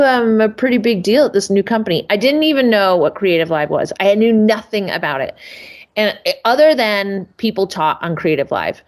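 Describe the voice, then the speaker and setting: A woman in the middle of her speaking range tells a story on a podcast. She is lively and self-mocking, and she jumps up high when she quotes other people. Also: brisk. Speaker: podcast guest, family photographer. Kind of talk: casual storytelling in an interview.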